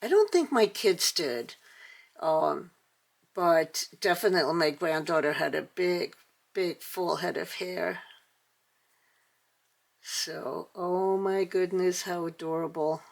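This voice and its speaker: A woman's voice: on the low side, takes it slowly, vocal fry, long pauses. An older woman hosting a casual toy unboxing, chatty and gushing, with many fillers. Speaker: toy channel host.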